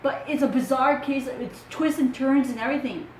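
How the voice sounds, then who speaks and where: A woman's voice: high voice, normal speed, reverberant, noisy background. A woman with a French accent, a true crime vlogger reading news aloud and asking rhetorical questions in casual commentary.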